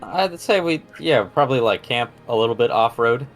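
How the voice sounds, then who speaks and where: A man's voice: mid-range voice, expressive, moderate pace, faint music behind. A man playing a tabletop game, casually thinking aloud about which way to go. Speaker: player.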